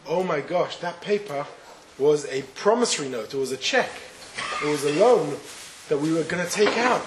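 A man's voice: a little high, animated, normal speed, echoey room, very noisy, natural voice. A man doing a panicked mother. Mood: alarmed. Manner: alarmed, exclaiming. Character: panicked mother worried about money.

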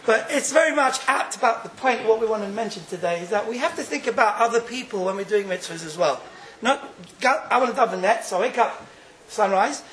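A man giving an informal Torah class, telling stories in an animated way and laughing often. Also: very high-pitched, roomy sound, a little hiss or hum, poor audio. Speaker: Torah teacher.

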